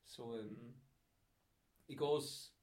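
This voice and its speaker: A man's voice: mid-range voice, drawn-out words, darkish tone. A man telling crude, laughing anecdotes in a casual chat.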